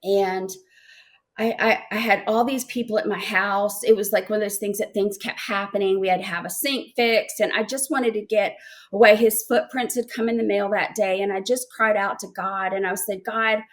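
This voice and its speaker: A middle-aged woman giving an emotional personal testimony as an interview guest, halting and repeating words as she speaks. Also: medium pitch, fairly even intonation.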